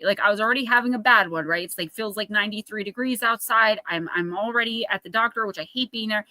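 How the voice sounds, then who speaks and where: A woman's voice: mid-range voice, brisk, few pauses, bright, forceful tone, no echo, poor audio. A woman hosting a live oracle card reading stream, telling a story in casual, chatty talk and acting out what people said. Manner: chatty storytelling, acts out quotes in a raised voice. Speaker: oracle card reader and livestream host.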